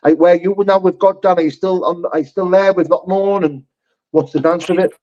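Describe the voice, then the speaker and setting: A man rattles along at a quick clip, hosting a live chat. He is heartfelt and sweary and often restarts his sentences. The stream audio is dull and lo-fi. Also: sits high, steady tone, warm tone.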